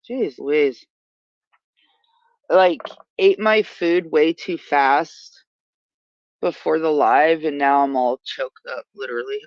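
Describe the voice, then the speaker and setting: A slow-talking livestream host who rambles through casual chat and keeps trailing off mid-thought. The voice is recorded on a phone outdoors in a yard. The sound is dry and close, but dull and lo-fi. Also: medium pitch, no echo. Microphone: phone camera.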